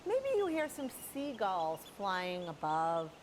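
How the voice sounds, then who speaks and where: A middle-aged woman teaching kids' yoga, leading a guided beach visualization with slow, soothing instructions. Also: lowish voice, huge pitch swings, a little hiss or hum. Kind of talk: guided relaxation for children. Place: indoors at home on a yoga mat.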